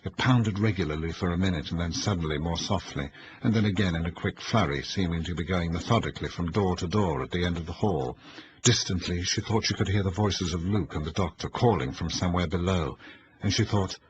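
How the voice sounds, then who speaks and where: A man narrating an audiobook in a measured, suspenseful reading. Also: sits low, muffled recording, noisy background.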